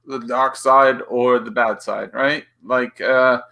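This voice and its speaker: A man chatting casually on a stream, rambling and animated with lots of filler words. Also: mid-range voice, takes it slowly, gravelly. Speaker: guest on a stream. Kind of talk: casual chat.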